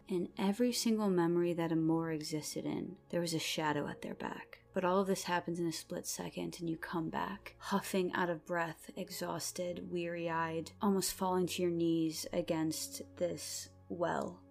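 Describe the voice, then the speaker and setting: A woman's voice: on the low side, fairly even intonation, unhurried, vocal fry, hardly any pauses, darkish tone. A woman narrating as game master of a tabletop role-play, describing scenes vividly.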